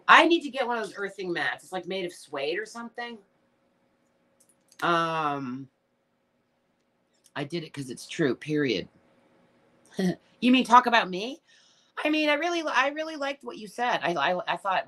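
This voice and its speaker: A middle-aged woman runs a casual livestream, reading out viewer comments and answering bluntly and emotionally, with lots of swearing, and she gets tearful at times. Her voice sits on the low side, with a sing-song lilt, normal speed, and a sharp tone.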